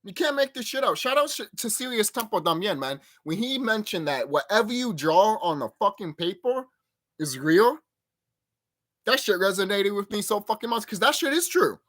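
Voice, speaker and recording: A man hosts his own channel and delivers an emphatic, profane rant in reaction to a clip. His voice swings widely in pitch as he pushes his points hard. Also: sing-song, moderate pace, a bit bright. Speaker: channel host.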